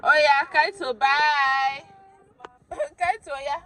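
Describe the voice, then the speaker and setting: A woman's voice: high voice, takes it slowly, rough recording. A woman, chatting casually to camera and coaxing her children in a family vlog. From Nigeria. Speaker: vlogger and mother. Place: home, then a busy outdoor market. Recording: loud crowd chatter behind.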